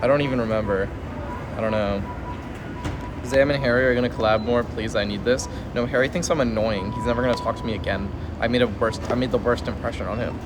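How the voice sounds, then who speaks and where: A man's voice: mid-range voice, fairly even intonation, quick pace. A young man livestreaming from an airport terminal floor on his phone, rambling in a half-whispered, self-mocking way. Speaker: streamer. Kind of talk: casual livestream chat. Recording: phone stream with airport noise.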